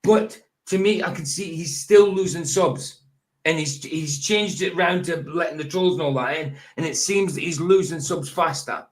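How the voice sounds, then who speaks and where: A man's voice: fairly high pitch, normal speed. Rambling Scottish man host. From Scotland. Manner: rambling, restarts, repeats himself. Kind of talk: casual chat reacting to a video.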